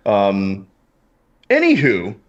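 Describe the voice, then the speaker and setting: A man hosting a casual car podcast, his voice deep, smooth and husky from a cold, talking in a laid-back way with chuckles and fillers. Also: huge pitch swings, very slow, dull audio. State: sick, husky voice. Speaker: podcast host. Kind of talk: casual chat.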